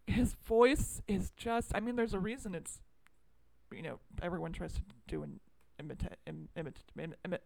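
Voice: medium pitch, normal speed, vocal fry, a little mellow, no room sound. A podcast co-host in casual movie-review chat who rambles, runs themselves down and swears freely.

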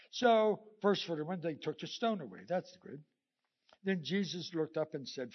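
Male preacher with a raised pitch, lively and chuckling as he tells stories, captured on a muffled, lo-fi recording. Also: measured pace, slightly rough. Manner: animated storytelling, acting out the scripture quotes; chuckles often between points. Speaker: pastor. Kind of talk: sermon. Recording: dull lo-fi sermon recording.

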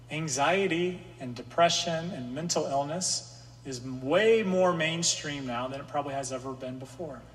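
A man's voice: fairly high pitch, fairly bright tone. Man preaching in a reverberant hall. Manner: conversational preaching, voices the psalmist's pleas. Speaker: pastor. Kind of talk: sermon. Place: room with an audience.

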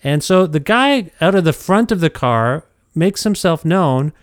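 A middle-aged man spins a casual, self-deprecating anecdote, his pitch sitting a bit high. His voice is smooth and resonant, heard close and dry. He talks in an animated way and trips over his own words. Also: measured pace, no echo. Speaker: podcast storyteller. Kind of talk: casual storytelling.

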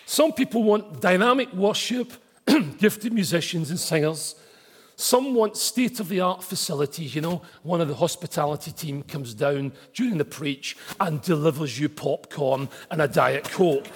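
A man preaching a sermon as pastor, emphatic and building to forceful repeated declarations. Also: fairly high pitch, animated, unhurried, husky, long reverb tail. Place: church auditorium.

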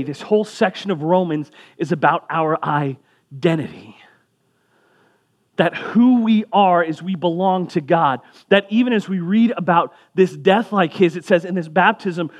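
Young male pastor with a fairly high voice, preaching in a relaxed, conversational tone. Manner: conversational preaching, casual asides. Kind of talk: sermon.

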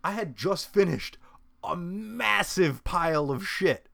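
Young man, casual podcast chatter, lively swooping pitch, swears constantly. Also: slow pace, creaky. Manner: profane ranting, mimics people in a high voice; laughs often. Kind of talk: casual chat.

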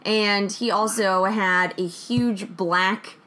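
Female podcast co-host, mid-pitched, casual and playfully emphatic, prone to digressions. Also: steady tone, takes it slowly, pushed and bright. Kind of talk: casual chat.

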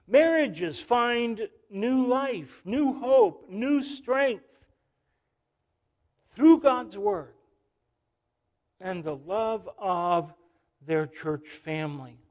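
A man's voice: sits high, darkish tone. A male pastor preaching a sermon, telling a story and calling out to the congregation.

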